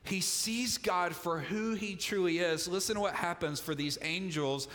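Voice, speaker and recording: A man's voice: high voice, a little slow, fairly bright tone, long reverb tail. A man preaching a sermon in a conversational style, with humorous asides, in a church. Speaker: pastor. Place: church sanctuary.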